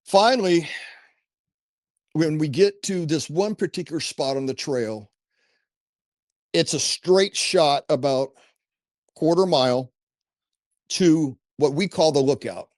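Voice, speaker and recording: A man's voice: on the high side, slow, long pauses, darkish tone, no echo, studio quality. A middle-aged man telling a personal story as a podcast guest, earnest and rambling, with restarts and asides. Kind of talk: casual first-person storytelling.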